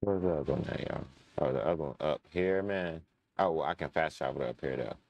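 Very deep gravelly-voiced man gaming. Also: brisk, darkish tone, no room sound, highs cut off. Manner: chatty, talks to viewers, frustrated muttering. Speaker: gaming channel host. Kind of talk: casual let's-play commentary.

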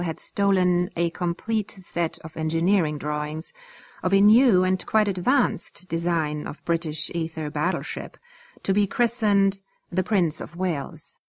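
A woman narrating a novel excerpt in a steady, even storytelling manner. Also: lowish voice. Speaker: audiobook reader. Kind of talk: scripted narration.

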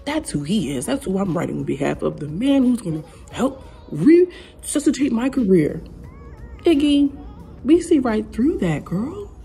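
A woman's voice: medium pitch, dark tone. A woman giving casual opinion commentary in a sassy, blunt way, talking straight to her viewers. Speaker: commentary vlogger.

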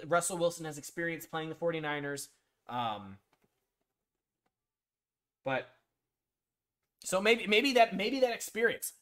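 A man's voice: fairly high pitch, a bit bright. A man chatting casually on a live stream, rambling through sports picks, answering viewers by name and giving blunt, slightly profane opinions. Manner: rambling, talks to chat viewers, frequent ums and restarts.

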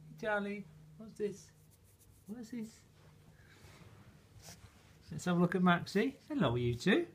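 A man's voice: high voice, slight background noise. A man filming a casual home vlog, talking fondly to his new puppies in doting baby talk and chuckling often. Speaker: vlogger. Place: at home indoors.

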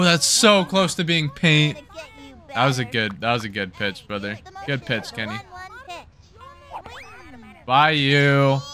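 A man hosting casual gameplay commentary, excitably cheering his players on by name. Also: mid-range voice. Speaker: gaming channel host.

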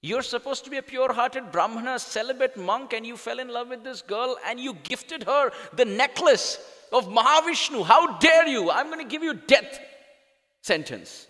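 A man voicing an enraged king who shouts an indignant accusation and passes judgment. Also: very high-pitched, lively intonation, takes it slowly, hardly any pauses, voice pushed up, exaggerated voice. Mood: furious. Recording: long hall reverb.

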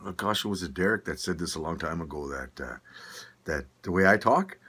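In a low-pitched, bright, forceful voice with a breathy edge, an older vlogger from Manitoba rants about his opinions animatedly and fairly quickly. He rambles, curses, laughs a lot and keeps restarting his sentences.

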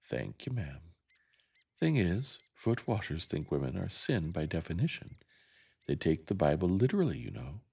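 A man's voice: sits low, big pitch swings, moderate pace, gravelly, a little mellow, husky, heavily acted. Man reading as a dry-tongued older neighbor woman. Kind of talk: gentle audiobook reading.

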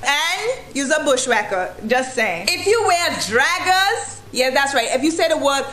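A woman with an Anguillian accent gives a teasing comic monologue straight to camera. Her high voice leaps all over the place and has a bright, sharp edge. She takes her time and acts out exaggerated examples as she goes. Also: big pitch swings, a little slow, slight background noise. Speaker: vlogger.

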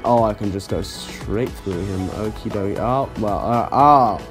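Brief: young male gamer, slow-talking and incredulous, with light game music. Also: fairly low pitch. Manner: sarcastic, incredulous reactions. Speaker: gaming YouTuber. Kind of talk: let's play commentary.

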